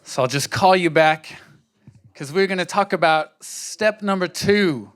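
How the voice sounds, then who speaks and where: A man's voice: sits high, unhurried, fairly bright tone. An earnest man, giving a conversational conference workshop talk and checking in with the audience. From Australia. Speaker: workshop speaker.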